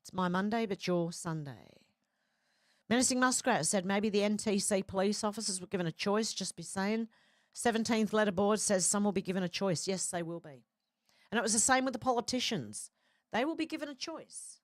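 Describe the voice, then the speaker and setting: A woman's voice: medium pitch, expressive, fairly quick, no room sound, clean studio sound. A woman hosting a casual livestream, reading out viewer comments and rambling between them with many fillers and restarts. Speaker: livestream host reading chat.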